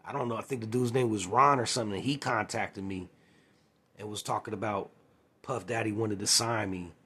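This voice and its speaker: A man's voice: lowish voice, fairly even intonation, a little fast, sharp tone, husky. A man in a casual storytelling monologue, acting out old conversations and often adding "you know what I'm saying". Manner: acts out past conversations. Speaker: former music manager.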